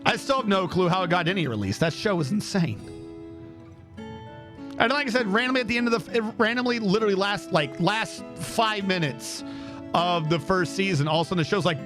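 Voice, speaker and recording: A man rants casually on a game stream, tripping over restarts and sounding baffled. His voice sits high and swings widely up and down. Soft guitar music plays faintly under him. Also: a little fast. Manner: animated, rambling with restarts and incredulous asides.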